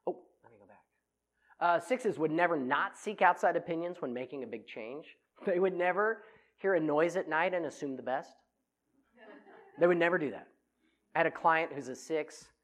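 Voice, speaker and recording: A man's voice: a little high, normal speed. A middle-aged man giving a humorous talk to an audience on personality types, telling self-mocking stories. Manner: animated, self-mocking storytelling.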